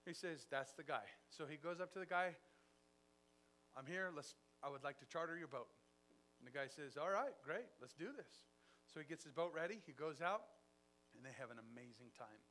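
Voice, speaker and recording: A man preaching a sermon, telling a story with acted-out dialogue and big swings in loudness. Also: fairly high pitch, expressive, moderate pace.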